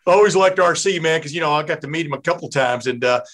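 A man from East Texas hosts a podcast in a loose, chatty way. He talks at a somewhat high pitch for a man and keeps drifting into folksy asides. His sentences are packed with "you know" and "uh". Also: fast talker, a bit bright. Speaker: podcast host. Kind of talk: casual interview chat.

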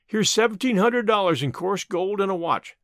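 A man voicing a rough, earnest gold-miner pleading for his partner, in a slow, halting frontier dialect. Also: sits high, lively intonation, fairly bright tone, no echo, studio quality.

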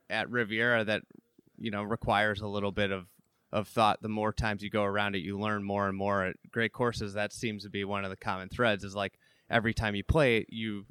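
A man hosts a relaxed interview, talking with eager enthusiasm and a steady stream of "like" and "you know". His voice is smooth and resonant, pitched somewhat low, and the recording is dry with no room sound. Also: moderate pace, no room sound. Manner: enthusiastic, chatty, filler-heavy. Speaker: interview host. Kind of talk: casual interview talk.

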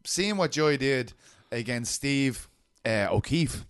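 A man hosting an interview, chatty and quick to laugh, often restarting his sentences. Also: mid-range voice, lively intonation, clear, resonant tone, dry recording, clean studio sound. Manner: chatty, laughs easily, stumbles over words. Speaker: interview host. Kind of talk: casual interview chat.

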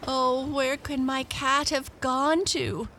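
A woman voicing a kind, worried lady who has lost her cat, calling out in a fretful, high voice. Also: fairly even intonation, slow, sharp tone, slight background noise, heavily acted. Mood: anxious.

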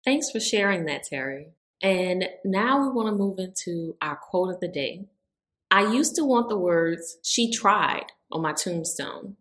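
Woman podcast cohost, talks slow and thoughtful, repeats herself for emphasis. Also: fairly low pitch, animated. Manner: reflective, repeats words for emphasis. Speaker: podcast co-host. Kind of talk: casual podcast chat.

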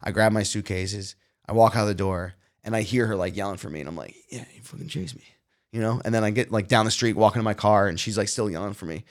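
A comedian guest in casual podcast chat, an animated storyteller who acts out the lines of the people in his stories. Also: on the low side, quick pace.

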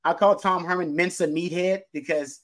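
A man co-hosting a football podcast, talking in an emphatic, animated way and laughing easily. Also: high-pitched, moderate pace. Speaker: podcast co-host, football analyst. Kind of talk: casual sports talk.

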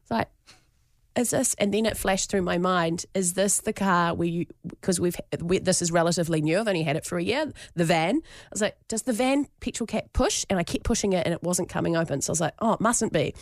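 A woman's voice: on the low side, fairly quick, no room sound, clean studio sound. Laughing New Zealand woman radio host. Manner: animated, laughing, acts out her own lines. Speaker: radio breakfast show co-host. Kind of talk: casual on-air storytelling. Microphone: studio microphone.

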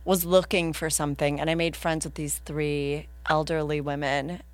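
Woman guest, slightly low voice, close dry mic; animated anecdote teller. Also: moderate pace, dry recording. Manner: animated, laughing, acts out other people's lines. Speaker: podcast guest. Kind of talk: casual storytelling.

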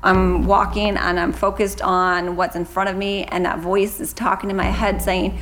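A woman's voice: mid-range voice, little pitch movement, moderate pace, few pauses, fairly bright tone, slight background noise. Woman telling a tense true story. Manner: earnest, vivid and urgent. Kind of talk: recounting a personal story. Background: background music.

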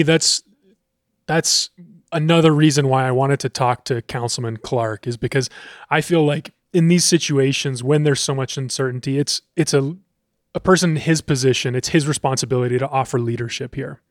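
A man's voice: medium pitch, normal speed, no echo, clean studio sound. A man hosting a local talk show, speaking casually and often repeating words as he thinks. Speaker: podcast host. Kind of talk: casual discussion.

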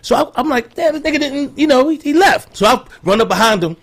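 A man with a high voice and a quick pace, telling stories in a loose, profane chat. He acts out the people in his stories as he goes, a comedian holding the floor. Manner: animated, profane, acts out quotes in others' voices. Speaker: comedian guest. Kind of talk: casual storytelling chat.

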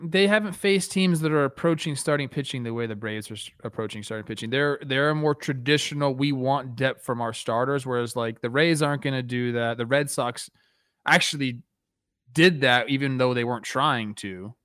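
A man co-hosting a podcast in casual sports chat, relaxed and joking, often breaking into laughter. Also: medium pitch, normal speed, smooth, no echo, clean studio sound. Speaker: podcast co-host.

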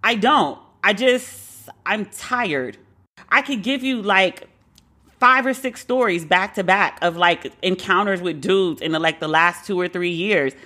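A woman from Brooklyn with a New York accent tells a frank personal story to her audience. Her voice is bright and forceful, and her delivery is blunt and full of swearing. She slips into the other people's lines as she retells them. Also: medium pitch, measured pace. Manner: blunt, profane, acts out quoted dialogue.

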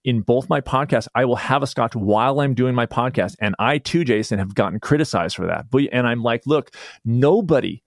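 A man talking as a guest author in a casual podcast conversation, telling stories with lively restarts. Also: mid-range voice, a little fast, hardly any pauses, no echo, studio quality. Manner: animated storyteller, rambling restarts.

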